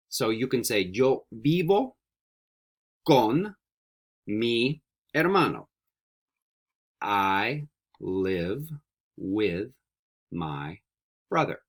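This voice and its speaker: A man teaching a recorded beginner Spanish lesson, repeating each word slowly three times for students to echo back. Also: fairly low pitch. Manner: slow repetition drills, animated.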